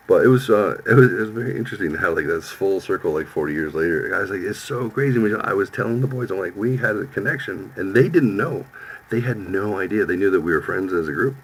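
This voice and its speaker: A gravelly, deep-voiced man in his fifties, recorded at low quality with slight hiss or hum. As a podcast host in casual chat, he tells a profane story with lively energy, voicing the quoted lines of its characters.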